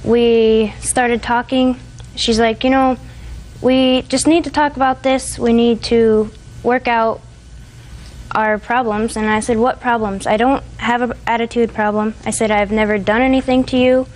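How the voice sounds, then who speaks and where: Young woman, 20s, defendant; rambling, halting testimony. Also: fairly high pitch, steady tone, a little mellow, poor audio. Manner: rambling, hesitant retelling with fillers. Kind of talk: courtroom testimony. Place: TV courtroom.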